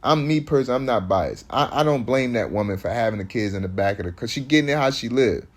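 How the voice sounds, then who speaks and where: A man's voice: medium pitch, lively intonation, quick pace. A man, preaching in loose street talk that rambles, restarts often and hits points with emphasis.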